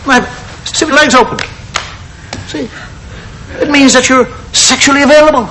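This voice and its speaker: A middle-aged man doing a relaxed stand-up monologue on stage, acting out gestures and noises as he talks. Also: very high voice, moderate pace. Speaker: stand-up comedian. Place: stage before a live audience. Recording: vintage TV broadcast with audience noise and hiss. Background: audience laughter.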